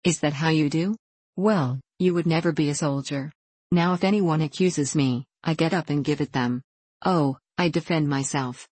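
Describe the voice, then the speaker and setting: A woman's voice: low-pitched, normal speed, darkish tone, slightly rough, no echo. Woman reading as a bold, earnest country girl. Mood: outspoken. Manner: earnest, outspoken, homely speech. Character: plain, bold young country girl, a cook.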